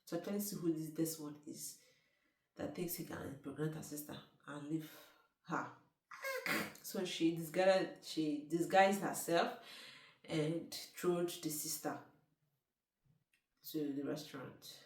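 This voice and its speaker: A woman's voice: deep voice, fairly even intonation, unhurried, pauses often, darkish tone. Chatty woman recapping a film, roomy. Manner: chatty, asks the listener questions, restarts often. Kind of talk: casual spoken movie recap. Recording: roomy sound from a distant mic.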